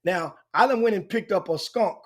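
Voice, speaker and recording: An older man with a drawl spins a long, meandering story as a talk show host. His voice sits a little high, and he circles back on himself as he talks. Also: moderate pace. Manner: animated, rambling anecdote with frequent restarts. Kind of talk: casual storytelling chat.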